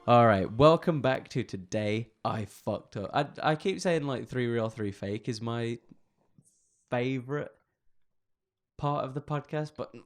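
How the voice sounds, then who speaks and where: A man's voice: medium pitch, a little slow, soft background music. A man co-hosting a comedy podcast, reading internet stories aloud with jokes and lots of swearing. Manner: swears a lot, jokey, reads stories aloud. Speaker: podcast co-host. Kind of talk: casual comedic chat.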